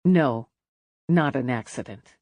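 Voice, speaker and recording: A woman voicing a hard-nosed female police lieutenant, speaking flatly and directly in short lines. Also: rumbling low, takes it slowly, dry recording, voice pushed down, heavily acted. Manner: flat, direct, clipped. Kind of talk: audiobook character voice.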